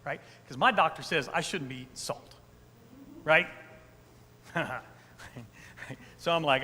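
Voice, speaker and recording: Male pastor, high lively voice, slow emphatic preaching, church sanctuary with a long echo. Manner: conversational, frequent "right?" asides to the congregation; emphatic repetitions. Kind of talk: sermon.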